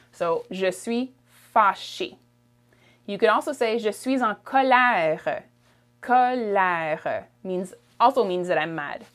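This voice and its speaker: Lady teaching a lesson, talks slow, repeats every phrase, keeps asking okay?. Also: medium pitch. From Canada. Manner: patient, repeats each phrase slowly, often asks "okay?". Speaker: French teacher.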